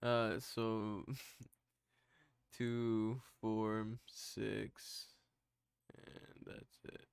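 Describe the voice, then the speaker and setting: Gravelly laid-back young gamer guy. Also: fairly low pitch, little pitch movement, drawn-out words, long pauses, no room sound. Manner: laid-back, swears casually. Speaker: channel owner, gamer. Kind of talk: casual gaming chat. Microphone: studio condenser mic.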